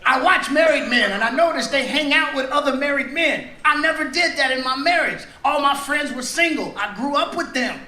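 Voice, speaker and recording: A middle-aged man with a very high-pitched voice jokes with and teases his audience at a moderate pace with few pauses. He performs stand-up on a stage mic in a large cruise-ship theater, amid echo and roaring laughter.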